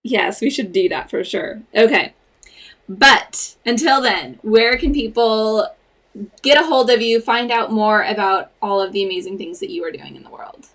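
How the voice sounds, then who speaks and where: A woman's voice: medium pitch, moderate pace. Affirming woman interview host. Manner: warm, affirming, wraps up smoothly. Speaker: podcast host. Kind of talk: casual interview.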